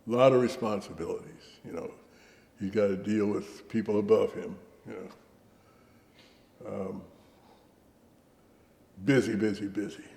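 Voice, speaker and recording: Gravelly older man telling war stories. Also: fairly low pitch, unhurried, long pauses, roomy sound, in a large hall. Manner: lively anecdotal storyteller, acts out quoted dialogue. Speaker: veteran interviewee. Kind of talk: oral history storytelling.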